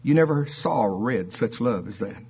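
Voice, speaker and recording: A man preaches with fervor, his voice husky and a little breathy at mid pitch. He reads scripture with heavy emphasis and throws questions out to his listeners. The recording sounds dull and muffled. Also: animated, moderate pace. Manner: fervent, emphatic preaching with call-and-response questions. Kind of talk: sermon.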